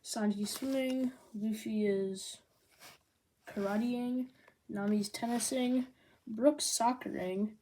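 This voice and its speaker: A woman giving a casual manga review, rambling and excitable, with lots of "like" fillers. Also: mid-range voice, slow pace, long pauses, background noise.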